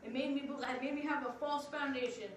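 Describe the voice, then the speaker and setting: A woman with a high voice gives an earnest, emphatic testimony, pausing to let her words land. She is heard from well off the mic in a big, very echoey hall. A steady noise sits under her voice. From Long Island, New York. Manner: earnest, emphatic, with drawn-out pauses. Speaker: program assistant director giving testimony. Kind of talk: spoken testimony to a congregation. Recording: very echoey hall, distant, noisy.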